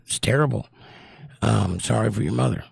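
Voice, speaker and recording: A hoarse, squeaky-voiced man hosting a casual livestream and reading chat messages aloud in a wry, blunt way. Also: moderate pace, no room sound, clean studio sound. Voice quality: squeaky, croaky. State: hoarse, losing his voice.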